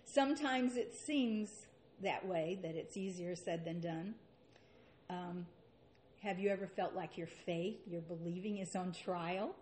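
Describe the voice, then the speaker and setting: A woman's voice: lowish voice, unhurried, a little mellow, slight background noise. A woman preaching a sermon and reading scripture aloud, with an earnest manner and rhetorical questions.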